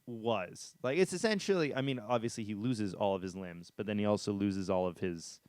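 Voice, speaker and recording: A man's voice: on the low side, a little fast, darkish tone, dry recording. A man hosting a casual podcast chat, laughing often and steering the talk along. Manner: laughs often, drives the conversation. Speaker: podcast host.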